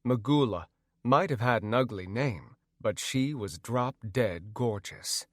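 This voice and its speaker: A man narrating a first-person audiobook in an expressive, storytelling way. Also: mid-range voice, takes it slowly, no room sound, studio quality.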